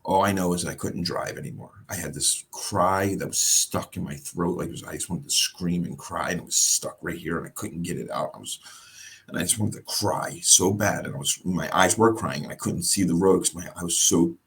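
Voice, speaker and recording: An American man, a guest in an interview, telling a personal story in a halting, emotional way and often repeating words. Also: low voice, creaky, fairly bright tone, slight background noise. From United States.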